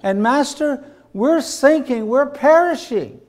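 A man's voice: very high voice, animated, takes it slowly, a little mellow, pitched above the performer's own voice, heavily acted. A man voicing frightened disciples pleading for help in a sinking ship. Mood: desperate pleading. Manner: desperate, pleading, crying out. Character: panicked frightened fishermen disciples in a storm.

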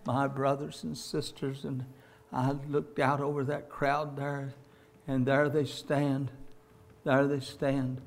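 A man preaching a sermon with passion, swelling to loud, drawn-out peaks and calling listeners "my friend". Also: medium pitch, little pitch movement, gravelly.

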